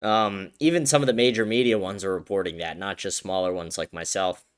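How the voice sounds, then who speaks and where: A man hosting a political commentary show, reacting to a clip in a mocking, profane way, laughing often and shouting when he gets worked up. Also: sits low, steady tone, fairly quick, smooth.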